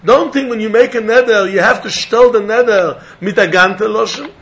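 A man's voice: high-pitched, normal speed, fairly bright tone, lo-fi sound. A man teaching a Talmud lecture, repeating phrases and mixing in Hebrew and terms.

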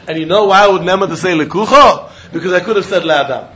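High-voiced man giving a lively Talmud lecture. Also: muffled recording. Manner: animated, sing-song reasoning with quick laughs. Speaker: Talmud teacher.

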